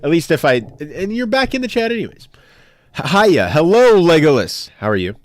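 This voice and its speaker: A young man streaming live, chatting casually with his viewers in an animated, joking way as he ranks characters on a tier list. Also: a little high, brisk, no room sound. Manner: animated, jokey, talks back to chat.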